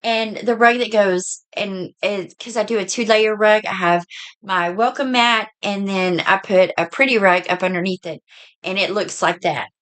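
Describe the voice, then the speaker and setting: A middle-aged woman with a Southern US accent, a bit hoarse, chatting in a folksy way through a casual haul video. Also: medium pitch, steady tone, normal speed, a bit bright. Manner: chatty, folksy, says y'all. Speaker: vlogger.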